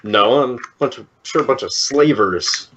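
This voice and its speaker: A man's voice: mid-range voice, animated, moderate pace, a bit bright, slight background noise. A man playing a tabletop game, laid-back with dry remarks. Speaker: player. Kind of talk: casual tabletop play.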